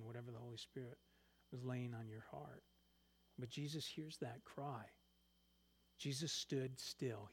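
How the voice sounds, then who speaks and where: A man preaching a sermon, reading scripture aloud and swinging between loud emphatic lines and quiet asides. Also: medium pitch, slightly rough. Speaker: pastor.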